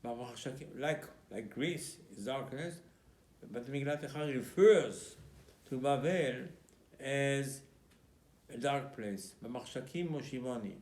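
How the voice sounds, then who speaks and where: A man's voice: medium pitch, takes it slowly, darkish tone. A man giving a sermon as a rabbi, telling the story emphatically and acting out exchanges between biblical figures. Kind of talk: Purim sermon. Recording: echoey room.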